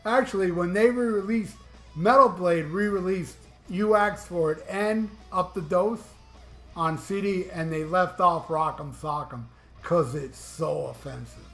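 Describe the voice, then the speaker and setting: A man's voice: high voice, measured pace, fairly bright tone. A middle-aged man from Florida, a music vlogger chatting casually about his albums, rambling and enthusiastic, swearing freely. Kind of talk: casual chat. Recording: echoey room with music playing.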